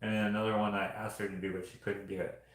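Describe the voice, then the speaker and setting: A man's voice: on the low side, level tone, fast. A man casually chatting on a stream as he shows his artwork, rambling and joking. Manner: rambling, jokey, laughs often. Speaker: artist streaming show-and-tell. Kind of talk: casual livestream chat. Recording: very echoey room.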